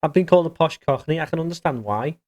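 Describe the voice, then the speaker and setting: A man's voice: fairly high pitch, lively intonation, fast, darkish tone. A man streaming a game, chatting casually and bluntly with swearing as he reads out viewer messages. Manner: blunt, swearing, reads chat aloud, chuckles often. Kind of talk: casual livestream chat while gaming.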